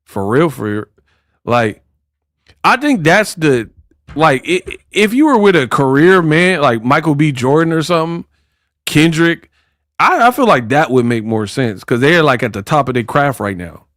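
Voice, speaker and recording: A man's voice: a little high, expressive, moderate pace, a bit bright, no room sound, studio quality. A man in casual commentary who talks in a mocking, slangy way and acts out quotes. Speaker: boxing commentator.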